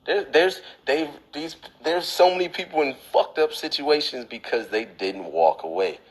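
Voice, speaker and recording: A man on a livestream giving blunt, profane advice, lecturing the viewer and mocking others in a whiny high voice. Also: normal speed, few pauses, rough recording. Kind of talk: instagram live rant. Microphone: phone.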